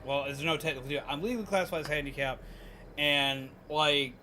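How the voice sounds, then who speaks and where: A man's voice: fairly high pitch, fairly quick, a little hiss or hum. A young man streaming a game who rants frankly, swears freely, and mocks people in put-on voices. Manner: animated ranting, mimicking people in mocking voices. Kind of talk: casual livestream rant while gaming.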